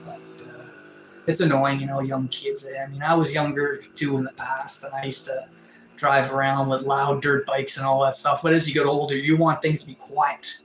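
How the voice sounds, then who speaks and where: A man's voice: mid-range voice, flat delivery, normal speed, fairly bright tone, slight background noise. A young Canadian man chatting casually on a live stream, rambling with lots of fillers and restarts while reading out comments. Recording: roomy echo.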